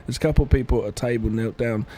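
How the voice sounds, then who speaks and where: A man's voice: mid-range voice, very fast, dark tone, slight background noise. A man co-hosting a podcast, talking casually and with enthusiasm about a film, swearing freely. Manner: enthusiastic, swears, rambling restarts. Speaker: podcast co-host. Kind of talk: casual film review chat.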